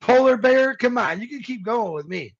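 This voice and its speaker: A man's voice: extremely high pitch, lively intonation, normal speed, muffled recording. A man co-hosting a casual live stream, joking and laughing easily. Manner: jokey, laughing, easygoing. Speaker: co-host.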